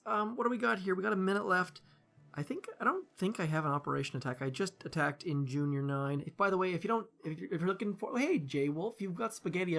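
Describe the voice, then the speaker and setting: A man's voice: fairly high pitch, fairly bright tone. A man giving casual live-stream commentary on a game, chatty and rambling, greeting viewers by name and thinking aloud with lots of fillers.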